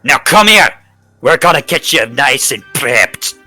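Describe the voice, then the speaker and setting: A man's voice: medium pitch, sing-song, unhurried, pushed and bright, faint music behind, voice pushed up, heavily acted. A man voicing a cocky male half-elf demolitions expert with a Scottish accent.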